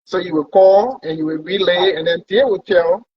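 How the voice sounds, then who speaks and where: This pilot guest has a high voice and a moderate pace, recorded dull and lo-fi with a little hiss or hum. He tells the story of his long trip conversationally. His telling is loose and rambling, with frequent repeated words.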